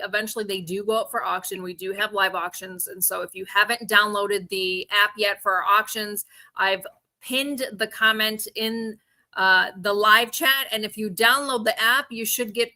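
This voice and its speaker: A woman co-hosting a live stream, calmly reading through screenshots and texts. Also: medium pitch. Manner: matter-of-fact, reads out screenshots and texts. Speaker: co-host and auction seller. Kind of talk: live-stream talk walking through a timeline.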